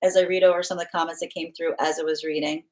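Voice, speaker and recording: A woman with a somewhat low voice hosts a live tarot stream. She talks casually and affectionately, thanking viewers and reading out their comments. When she turns to the cards, she rambles and pads her talk with fillers. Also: little pitch movement, very fast, rough recording. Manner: chatty, warm-hearted, reads comments aloud. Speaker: tarot reader.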